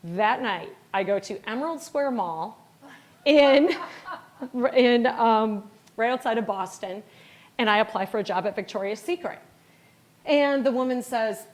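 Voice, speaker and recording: A woman's voice: mid-range voice, moderate pace. Chatty middle-aged woman telling stories. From Wisconsin, USA. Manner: chatty, self-deprecating, acts out dialogue. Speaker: company founder giving a lecture. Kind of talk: storytelling lecture.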